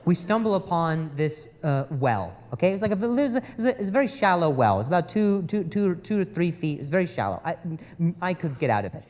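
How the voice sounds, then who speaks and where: A male stand-up comedian telling an exasperated story on stage, animated and stammering over repeated words, into a handheld mic. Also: high voice, brisk, big-room sound.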